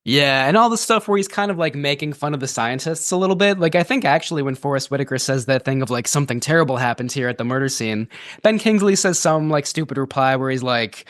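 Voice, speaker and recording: A man's voice: a little high, expressive, quick pace, a bit bright, no echo, studio quality. Laughing, chatty man on a podcast. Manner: chatty, laughs often, many fillers and restarts. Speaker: podcast co-host. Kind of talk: casual movie review chat.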